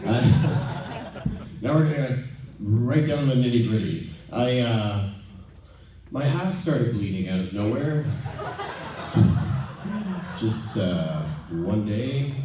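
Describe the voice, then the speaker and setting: A man doing stand-up, telling a rambling, self-deprecating story with halting ums and restarts. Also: mid-range voice, lively intonation, noisy background. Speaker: stand-up comedian. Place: theater stage before a live audience. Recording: echoey venue from far off.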